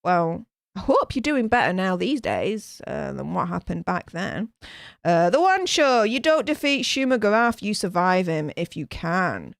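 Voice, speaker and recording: A woman hosting a live stream, chatty and animated, reading out viewer comments with lots of fillers. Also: lowish voice, a little slow, gravelly, no room sound, studio quality. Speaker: host reading live chat. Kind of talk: casual live-stream chat.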